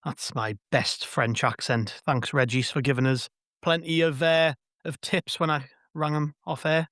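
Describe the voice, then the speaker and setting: A man's voice: fairly high pitch, steady tone, measured pace, fairly bright tone, dry recording, studio quality. A man hosting a casual football podcast, chatty and joking, rambling with fillers. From North East England. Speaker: podcast host.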